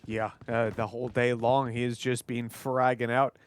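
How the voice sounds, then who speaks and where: A man's voice: medium pitch, level tone, normal speed, a little hiss or hum. A man co-casting an esports match, giving laid-back, jokey color commentary and analysis. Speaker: esports co-caster.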